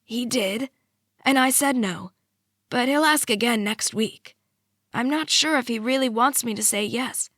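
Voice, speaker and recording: A woman narrating an audiobook voices a frail, slightly breathless older grandmother who talks tenderly and teases gently. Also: fairly high pitch, measured pace, no echo, clean studio sound, voice pushed up. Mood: affectionate. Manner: tender, doting, gently teasing. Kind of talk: audiobook character voice.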